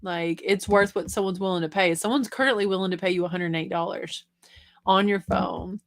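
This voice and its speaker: A woman's voice: mid-range voice, moderate pace, creaky, a bit bright. A young adult woman hosting a casual livestream, reading viewer comments aloud and chatting back about reselling. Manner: chatty, reads comments aloud and answers them.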